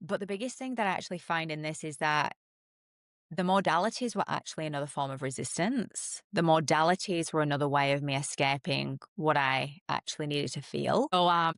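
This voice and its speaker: Middle-aged woman, low and earnest, dry close sound, reflective podcast guest. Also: a little fast, no room sound. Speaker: holistic psychologist guest. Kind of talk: candid podcast conversation.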